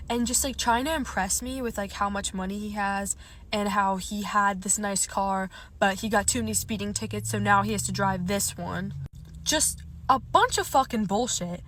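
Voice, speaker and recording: A young woman telling a casual storytime, animated, swearing often and using "like" a lot. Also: medium pitch, slight background noise.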